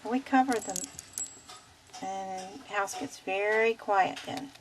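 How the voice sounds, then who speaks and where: A woman filming her pet bird at home, coaxing it to talk in gentle sing-song baby talk. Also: medium pitch, slow, slight background noise, low-quality recording. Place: quiet home. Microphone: handheld camera.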